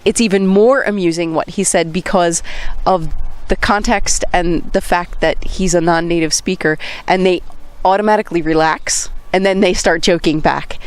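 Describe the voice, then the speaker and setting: A woman's voice: fairly low pitch, clear, resonant tone, no echo. A woman from the United States, an English teacher, chatting casually and explaining things with everyday examples. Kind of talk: casual conversation.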